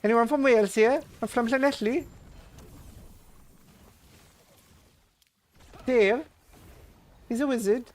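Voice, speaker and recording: A man doing a comic impression of a cheerful Welshman named Dave, high and sing-song. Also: normal speed. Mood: cheery.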